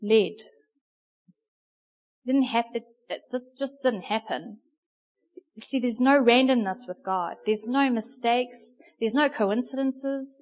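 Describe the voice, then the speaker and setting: A woman delivers a sermon as a lively, chatty storyteller, pausing often on little fillers. Her voice sits fairly high. The recording is muffled and lo-fi. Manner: conversational, animated storytelling with many fillers. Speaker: preacher.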